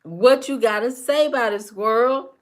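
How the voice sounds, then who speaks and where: A woman's voice: on the high side, normal speed. A woman hosting a casual live stream, talking back to her chat commenters by name with teasing, repetitive banter.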